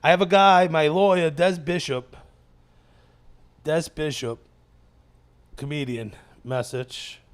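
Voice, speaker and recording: Brief: male comedian host, fairly high voice, worn out, swearing constantly, digressive storyteller. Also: steady tone, slow pace, long pauses, clear, resonant tone. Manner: laughs at his own stories. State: tired, running on fumes. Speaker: comedian hosting his own show. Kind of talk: rambling casual monologue.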